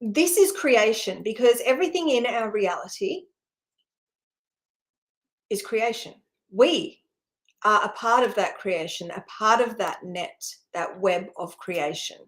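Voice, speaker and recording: A woman's voice: medium pitch, animated, unhurried. A middle-aged woman hosting a spiritual channel, talking casually and rambling, with many fillers and frequent laughs.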